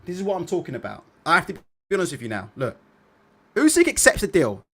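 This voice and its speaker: Animated man with a high voice. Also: fast talker, breathy edge. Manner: animated, repeats tag questions. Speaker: boxing livestream host. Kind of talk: casual livestream chat reading comments.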